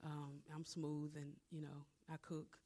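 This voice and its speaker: A woman's voice: deep voice, monotone, slow, dark tone. A woman preacher giving a conversational, story-driven sermon, retelling a scripture story with asides.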